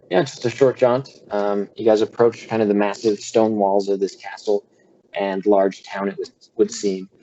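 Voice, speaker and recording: A man's voice: lowish voice, mellow, slight background noise. A young man narrating a tabletop game as game master in a loose, filler-heavy way, heard through a dull lo-fi recording.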